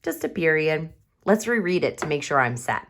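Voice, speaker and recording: A woman kindergarten teacher giving a remote writing lesson to young children, sounding out words slowly and reading her story aloud with exaggerated expression, recorded on camera at home. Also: deep voice, animated, a bit bright. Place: home, recorded for online class.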